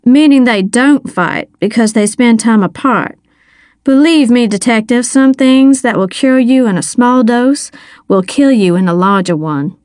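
A woman's voice: a little high, measured pace, a little mellow, no room sound, clean studio sound, close to an everyday voice. A woman reading an audiobook, voicing a wry, protective older woman. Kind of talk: audiobook character voice.

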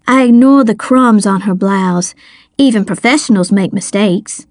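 A woman narrating a story in the first person with a measured storytelling delivery. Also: mid-range voice, darkish tone, dry recording, clean studio sound. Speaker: audiobook narrator.

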